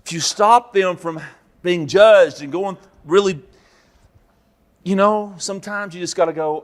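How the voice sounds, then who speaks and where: A man preaching a Bible teaching, telling stories and acting out characters with sudden loud outbursts. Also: sits high, unhurried, pauses often. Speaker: pastor. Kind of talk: sermon teaching.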